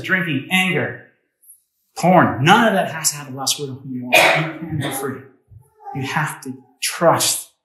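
A pastor with a mid-range, sharp-toned voice preaches a sermon in an echoey church, speaking conversationally and asking the congregation questions.

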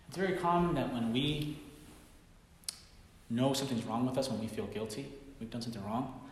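Man, pastor, sermon, dramatic storytelling, hushed to loud, heavy echo, long hall reverb. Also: mid-range voice, normal speed.

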